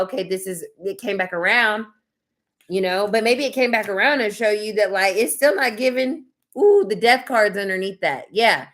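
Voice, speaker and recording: Woman doing tarot live, chatty, gushy, lots of "like" and "um", average pitch. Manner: chatty and effusive, filler-heavy. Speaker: tarot reader hosting live sessions. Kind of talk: casual live-stream tarot reading.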